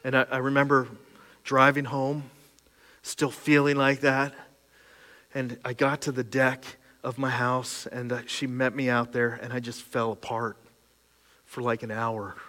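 A man's voice: medium pitch, bright, forceful tone. A middle-aged man, a pastor, telling an emotional personal story in a sermon, candid and open. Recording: long hall reverb.

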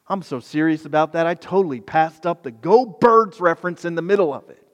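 Impassioned preacher in a reverberant hall. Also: male voice, on the high side, expressive, brisk. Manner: impassioned, builds to loud pleading then drops to near-whisper. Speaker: pastor. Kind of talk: sermon.

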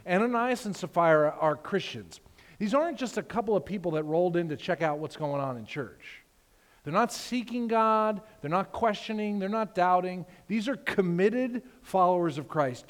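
Man preaching in a reverberant hall. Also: sits high. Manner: animated storytelling, acts out characters. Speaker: pastor. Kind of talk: sermon. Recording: long reverb of a large hall.

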